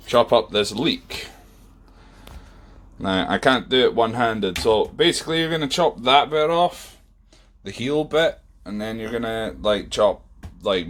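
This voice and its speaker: A man of middle pitch talks his way through a home cooking video, chatty and rambling, filling gaps with ums and uhs. He sounds like he is filming himself on a camera in his own kitchen. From Scotland. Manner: chatty, rambling, many fillers. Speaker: podcast host.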